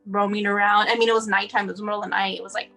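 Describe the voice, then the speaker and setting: A woman's voice: mid-range voice, flat delivery, racing, gravelly, bright, forceful tone, soft background music. A woman sharing her son's story as a guest, talking casually and running on with "like" and "you know".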